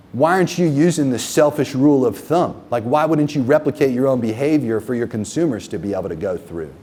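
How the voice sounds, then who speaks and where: A man's voice: mid-range voice, warm tone. Emphatic, profane man working a room. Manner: profane, emphatic, asks the audience constant checking questions. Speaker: marketing agency owner presenting a workshop. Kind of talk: live seminar talk to a room. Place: room with a live audience.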